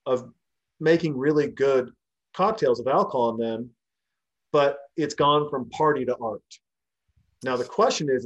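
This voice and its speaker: A man's voice: mid-range voice, highs cut off. A man who once tended bar, telling stories in a casual chat, swearing freely and acting out the people in them. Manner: animated, swears freely, acts out quoted people. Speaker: podcast co-host, former bartender.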